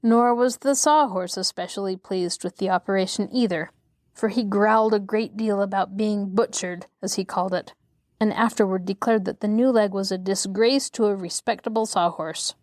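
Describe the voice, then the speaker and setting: A woman reads a children's classic aloud at an even, measured pace. Her voice sits in a middle range and the recording is close and dry. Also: medium pitch, no echo. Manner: calm and measured. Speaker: host and storyteller.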